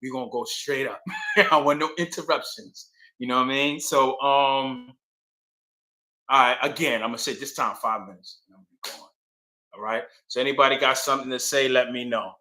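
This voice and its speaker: A man's voice: mid-range voice, a little fast, pushed and bright, roomy sound, low-quality recording. A man talking casually and rambling straight to his viewers on a livestream. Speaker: livestream host.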